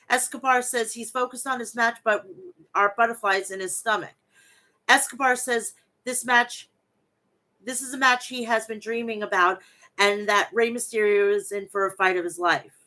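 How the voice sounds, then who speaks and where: A woman's voice: mid-range voice, bright, forceful tone. A woman from Long Island with a thick New York accent and a nasal voice, chatting bluntly and recapping wrestling as a podcast host. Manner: chatty, blunt, swears freely. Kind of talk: casual chat and recap reading.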